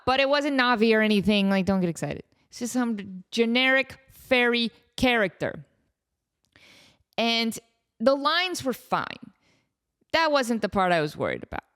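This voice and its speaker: A woman's voice: medium pitch, a bit bright, clear, resonant tone. A woman in her thirties hosting a podcast, telling a story with a self-mocking, laughing delivery. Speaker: podcast host. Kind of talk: casual comedic storytelling.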